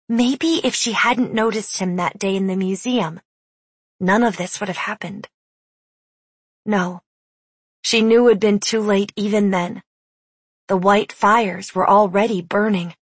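A woman narrating an audiobook in a measured, hushed, deliberate way on a close studio mic. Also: medium pitch, husky, no room sound.

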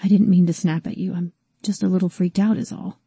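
A woman narrator voicing a strong-willed young woman who is shaken and quick to flare, speaking with intensity. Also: steady tone, mellow, breathy edge, no room sound. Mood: upset. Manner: intense, her pitch leaping up as she grows angry.

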